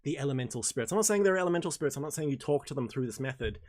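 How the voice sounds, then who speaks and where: A man's voice: mid-range voice, lively intonation, very fast, darkish tone. A man hosting a casual Q&A livestream. He talks in a rambling, self-correcting way, swears now and then, and laughs at his own asides. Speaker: host.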